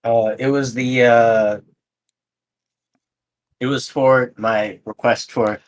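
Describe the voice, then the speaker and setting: A young man playing a tabletop game, halting and full of fillers. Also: medium pitch, steady tone, low-quality recording. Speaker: player.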